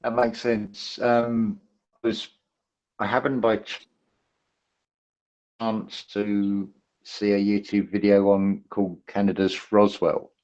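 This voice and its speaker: A man's voice: lowish voice, flat delivery, slow, pauses often, a little mellow. A man from the UK in a casual online chat, talking hesitantly and restarting his sentences. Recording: dull lo-fi audio.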